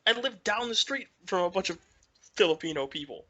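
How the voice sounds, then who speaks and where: A male podcast co-host with a bright, forward voice that sits slightly high for a man. He talks in casual, crude chat and swears through every rant. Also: expressive, fairly quick, muffled recording. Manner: profane, ranting.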